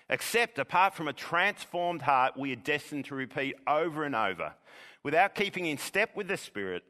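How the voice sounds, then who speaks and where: A man preaching a sermon in an earnest, measured way, sometimes repeating words as he goes. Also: mid-range voice, sharp tone, big-room sound. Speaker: pastor.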